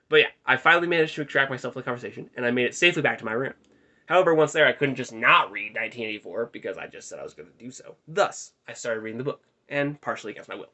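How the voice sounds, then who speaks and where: A man's voice: mid-range voice, pushed and bright. A young man telling a rambling, self-deprecating story in a casual vlog, recorded in his bedroom. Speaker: vlogger.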